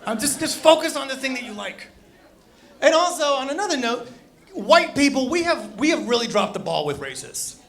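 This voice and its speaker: A young man with a high-pitched voice works a comedy club crowd through a stage mic. His delivery is animated, swinging between loud bursts and quiet, low mutters. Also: normal speed. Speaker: stand-up comedian. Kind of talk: stand-up comedy set.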